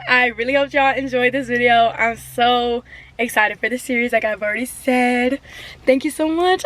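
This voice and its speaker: A woman's voice: high-pitched, fairly bright tone. A young woman vlogger chatting casually to her camera, gushing and full of slang.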